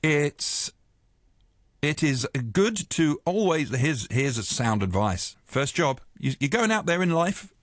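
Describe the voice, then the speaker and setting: A man's voice: on the high side, very animated, takes it slowly, dry recording. Rambling male radio host, dry studio sound. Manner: rambling, self-correcting, chuckling at listener jokes. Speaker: radio drive-time host. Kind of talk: casual radio chat. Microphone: studio microphone.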